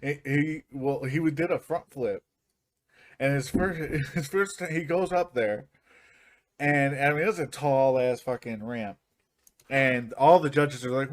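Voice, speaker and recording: Young male podcast host, slightly high voice, laughing storyteller, casual and profane. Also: animated, a little slow. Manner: laughing storyteller, swearing freely. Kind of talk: casual chat.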